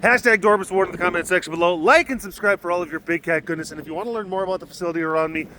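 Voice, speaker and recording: A man in a casual walking vlog outdoors at an animal facility, chatting in a rambling way and talking softly to the big cats. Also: sits high, very fast, slight background noise. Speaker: animal caretaker and vlogger.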